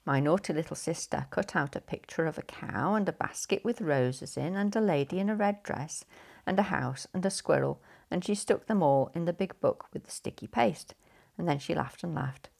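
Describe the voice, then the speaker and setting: Woman storyteller, gravelly low voice, playful expressive bedtime reading. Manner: expressive, drawn-out sound words.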